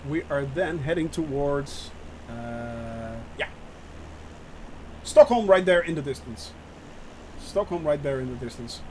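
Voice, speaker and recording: High-voiced man streaming a flight game. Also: animated, measured pace, pauses often, background noise. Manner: chatty, lots of fillers, reads chat aloud; nervous about landing. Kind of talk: live gameplay commentary.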